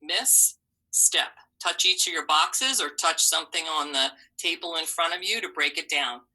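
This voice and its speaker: A woman teaching a phonics lesson to young children, slowly sounding out letters and syllables with encouraging praise. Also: sits low, bright, forceful tone, rough recording.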